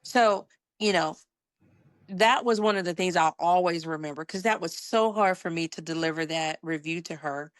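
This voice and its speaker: A middle-aged woman from Georgia, a podcast guest telling a workplace story in a lively conversational way. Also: fairly low pitch, normal speed, no room sound. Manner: animated, acts out quoted dialogue, laughs while telling.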